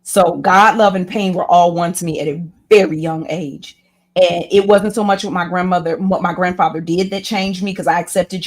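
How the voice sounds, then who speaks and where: A woman's voice: fairly low pitch, steady tone, normal speed. Impassioned woman with a preacherly flow. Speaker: guest, women's class leader. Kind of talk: candid interview talk.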